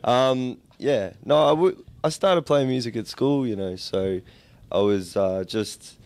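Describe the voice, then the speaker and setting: A man's voice: medium pitch, a little slow, darkish tone, dry recording. An Australian man in a band, answering interview questions with dry, rambling jokes. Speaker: band member. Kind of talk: casual interview.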